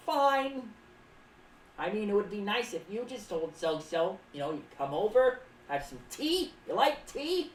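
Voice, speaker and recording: A woman in clown persona rambles through a stream at a measured pace, her mid-range voice sing-song as she reads chat aloud, adds playful asides, and often refers to herself in the third person. She's recorded from a distance in a roomy, off-mic setting with faint background noise.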